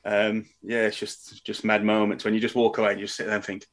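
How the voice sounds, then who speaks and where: A man's voice: on the low side, level tone, a little fast. A young adult man, a wrestler chatting as a podcast guest and telling stories in a casual, friendly way. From England. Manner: chatty storyteller, says "mate".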